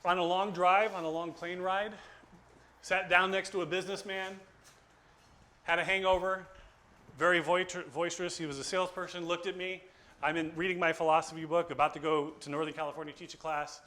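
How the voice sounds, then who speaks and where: A man teaches philosophy to a small group, talking casually and acting out the dialogue in his stories. His voice sits a bit high and sounds bright and forward, and he moves between loud, lively bursts and quiet asides. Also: normal speed. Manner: animated storytelling, acts out dialogue. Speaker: philosophy lecturer. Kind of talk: informal classroom lecture. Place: small group gathering indoors.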